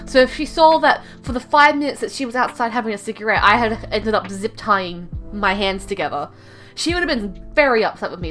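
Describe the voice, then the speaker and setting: A woman's voice: fairly high pitch, fairly bright tone. A young woman casually telling a rambling story, heavy on fillers and self-mocking.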